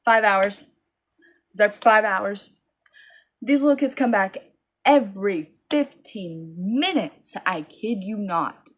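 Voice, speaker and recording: A tired young woman tells a rambling storytime vlog into her phone. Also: slow pace. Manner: tired, rambling, animated with high-pitched quoted voices. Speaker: small business owner vlogging.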